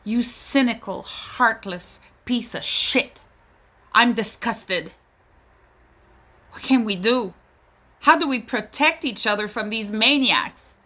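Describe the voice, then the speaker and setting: A woman speaks slowly and deliberately in a bright, forceful voice. Her monologue is impassioned and pleading, full of indignation as she addresses her listeners directly as a mother. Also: fairly high pitch.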